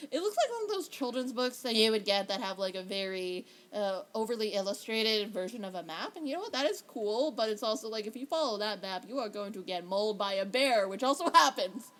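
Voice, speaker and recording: A woman's voice: medium pitch, lively intonation, a little fast, few pauses, a bit bright. A young woman co-hosting a podcast, joking and rambling in casual chat. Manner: joking, rambling, trails off and restarts. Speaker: podcast co-host.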